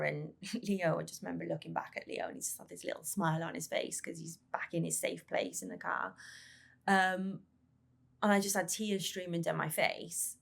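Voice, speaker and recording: A gravelly voice on the low side belongs to a mother recounting her child's brain injury in a podcast interview. She speaks in a halting way, repeating words and reenacting conversations she remembers.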